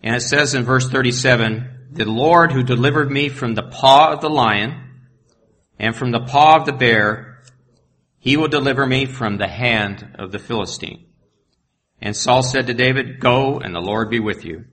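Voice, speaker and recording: Man preacher, bright voice, reads scripture and breaks off into casual asides. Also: mid-range voice, moderate pace. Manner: reads verses aloud and adds plain asides. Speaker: pastor. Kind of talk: sermon with scripture reading.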